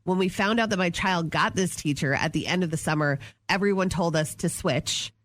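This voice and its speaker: A woman's voice: on the low side, a little fast, a bit bright, no room sound. A woman co-hosting a radio show, chatting casually and gossiping with energy. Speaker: radio co-host. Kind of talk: casual morning radio banter.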